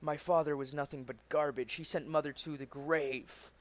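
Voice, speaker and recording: A man's voice: on the high side, fairly even intonation, normal speed, close to an everyday voice. A man reading as a cold, scheming young man. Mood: bitter.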